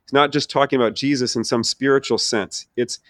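A middle-aged man, a theology professor, telling his personal faith story in an earnest, animated way with many restarts. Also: mid-range voice, a little fast, no room sound. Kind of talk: conversational personal testimony.

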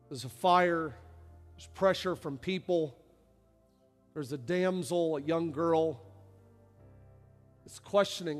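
A male pastor preaching a sermon, dropping to quiet low stretches and then rising to loud shouted passages. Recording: reverberant hall with faint music.

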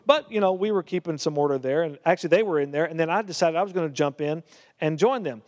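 A man's voice: a little high, quick pace, a little mellow. A man pastor telling a personal story in a sermon, then preaching with growing fervor. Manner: storytelling, rising to fervent preaching. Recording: long hall reverb.

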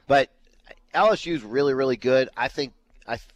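A man's voice: medium pitch, brisk. A man co-hosting a casual sports radio chat, confident and opinionated. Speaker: co-host.

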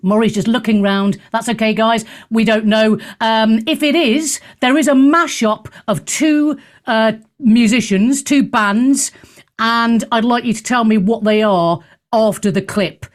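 A woman hosts a talk show with loose, opinionated chat. She is animated and theatrical, with a biting sarcastic edge. Her voice sits fairly high. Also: measured pace.

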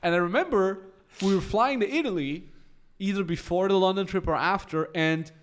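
An Austrian man in his thirties appears as a podcast guest, telling casual stories in a lively, chatty way and acting out the voices of the people in them. His voice sits high and his pace is moderate.

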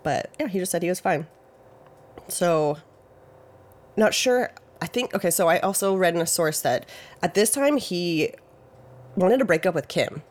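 Speaking at a measured pace with long pauses, a laid-back true-crime podcaster rambles through the story in a mid-range pitch with lively intonation. Fillers like "like" and "you know" are everywhere, and facts come hedged with "I think" or "I believe."

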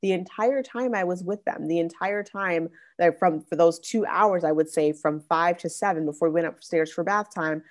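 Young woman host, relaxed talky delivery with filler-heavy restarts, voice sitting slightly low. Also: normal speed, few pauses. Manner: chatty, many "like" fillers and restarts. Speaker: podcast host. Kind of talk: casual faith-based parenting monologue.

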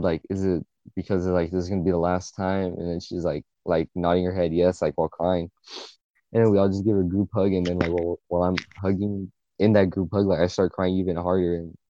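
In this casual podcast storytelling, a young co-host in his late teens gets emotional, cursing and rambling through lots of fillers. He has a low, mellow voice, and the audio has no echo and trimmed-off highs.

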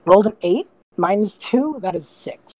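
A woman's voice: mid-range voice, lively intonation, normal speed, darkish tone. A woman running a tabletop game as game master, narrating playfully with giggles and lots of fillers.

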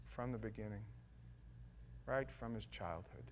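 A man preaching a casual, conversational sermon as a pastor, blunt and slangy, often restarting his sentences and moving between quiet asides and loud emphatic stretches. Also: on the low side, moderate pace, a little hiss or hum.

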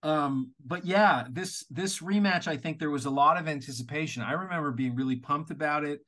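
A man from Canada co-hosting a podcast, talking in an animated, exasperated way with plenty of swearing. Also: a little high, brisk. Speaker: podcast co-host. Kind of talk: casual podcast chat.

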